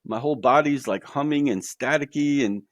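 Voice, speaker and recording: Dude telling his story all animated, says bro a lot, mid-pitched voice, dry sound. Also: moderate pace, no room sound. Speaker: podcast guest. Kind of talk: casual storytelling.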